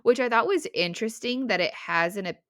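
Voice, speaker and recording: A woman's voice: a little high, brisk, fairly bright tone, no room sound, clean studio sound. A woman co-hosting a casual book podcast, animatedly retelling scenes and acting out lines. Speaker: podcast co-host.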